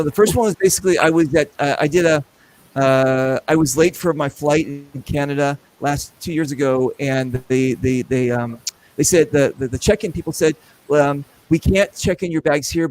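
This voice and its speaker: A middle-aged man hosting a casual show, telling a long story with lots of acted-out voices and quick asides. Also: a little high, poor audio. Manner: animated, acts out voices in anecdotes. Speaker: podcast host.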